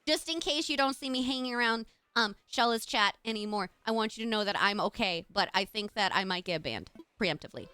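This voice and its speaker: A woman's voice: mid-range voice, animated, brisk, hardly any pauses, sharp tone, clean tone, no room sound. A young adult woman streaming live, chatting casually and gushing thanks to her chat in a bubbly way.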